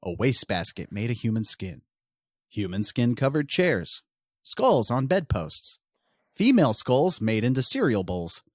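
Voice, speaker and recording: Brief: male podcast co-host, joking and animated, lively pitch, dry close mic. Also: measured pace, dry recording. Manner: joking and laughing often, animated. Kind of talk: casual true-crime podcast storytelling.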